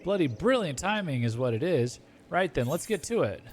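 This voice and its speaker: A man reading aloud the lines of a gruff male military commander from a video game, with a light gruff lilt. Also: a little high, sing-song, moderate pace. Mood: brusque.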